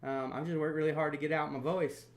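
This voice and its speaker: A man in his thirties from North Florida hosting a casual storm-chasing livestream, chatty and quick to laugh while reading viewer comments. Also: on the high side, fairly even intonation. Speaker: storm chaser livestream host.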